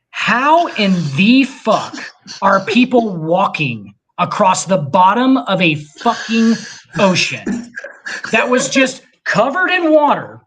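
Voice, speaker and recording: A man on a casual podcast who rants in a husky, slightly rough voice. He swears constantly and presses his points with animated emphasis. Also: sits high. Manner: profane, ranting, animated. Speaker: podcast co-host.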